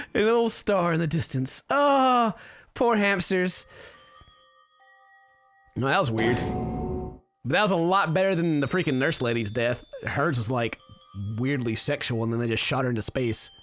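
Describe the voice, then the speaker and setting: A man's voice: medium pitch, animated, unhurried, long pauses, a bit bright. Guy streaming a game, jokey laughy commentary, voice goes up and down a lot, game music faint under. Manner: joking, laughing asides. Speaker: let's play streamer. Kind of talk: casual gaming commentary.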